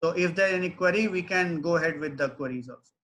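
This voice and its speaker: Man, webinar lecturer, high voice, bright tone, explains step by step. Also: fast, slight background noise. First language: not English. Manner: explanatory, frequent tag questions. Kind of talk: online technical lecture.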